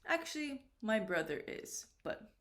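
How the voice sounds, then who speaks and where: In an echoey room, a woman gives a slow, clear English grammar lesson, patiently repeating key words and making sure her students keep up. She speaks a little slowly, with a fairly high, fairly bright voice and big pitch swings.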